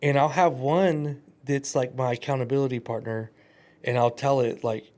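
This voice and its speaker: Animated man telling stories casually. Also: medium pitch, moderate pace. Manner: animated storyteller, acts out quoted voices. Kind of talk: casual podcast conversation.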